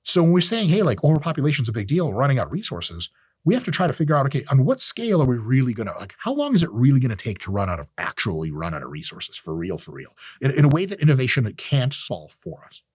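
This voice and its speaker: Husky, animated, blunt-talking man. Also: mid-range voice, fast, few pauses, dry recording, clean studio sound. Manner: profane, blunt and opinionated; animated, acts out quoted voices. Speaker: podcast host. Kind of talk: casual monologue.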